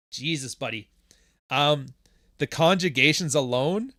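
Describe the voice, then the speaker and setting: A man's voice: mid-range voice, moderate pace, a bit bright, no room sound, studio quality. A man hosting a livestream podcast in casual chat, rambling and joking with plenty of swearing. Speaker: podcast host.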